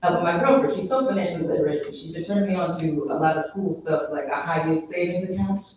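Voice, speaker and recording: A man performing a stand-up set, breaking into shrill high mock voices when he quotes people. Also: quick pace, a little mellow, slight background noise. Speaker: stand-up comedian. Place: comedy venue stage. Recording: very echoey hall from a distance.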